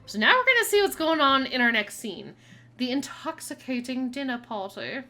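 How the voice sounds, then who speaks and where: A woman's voice: high voice, very animated, moderate pace, bright, forceful tone, a little hiss or hum. A young woman streamer chatting casually while playing a mystery game, reading its text aloud and laughing often. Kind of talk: casual gameplay commentary. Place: home streaming setup.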